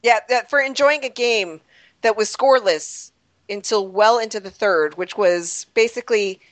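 A woman's voice: medium pitch, normal speed, no room sound. A woman hosting a casual sports podcast, giggly and rambling, often laughing at herself. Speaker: podcast host.

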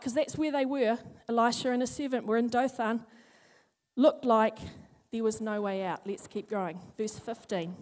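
A woman teaching a Bible passage in a chatty, animated sermon, acting out the characters as she goes. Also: high-pitched.

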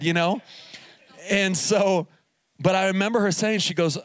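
A man's voice: fairly high pitch, normal speed, no echo. A pastor in his forties preaching at a youth camp, telling a family story with acted-out dialogue and humor. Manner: animated storytelling, acting out dialogue. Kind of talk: live sermon at a youth camp. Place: camp meeting hall.

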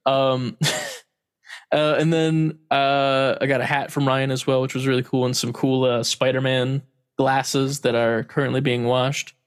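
A man's voice: mid-range voice, little pitch movement, a little slow, clean tone. A man in casual chat, telling a story with frequent laughs and casual swearing.

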